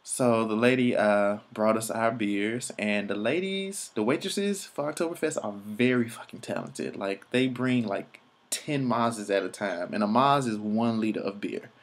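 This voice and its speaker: A man's voice: fairly low pitch, unhurried. A young man telling travel stories in a loose, rambling vlog, full of fillers and swearing. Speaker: vlogger. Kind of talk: casual travel vlog narration.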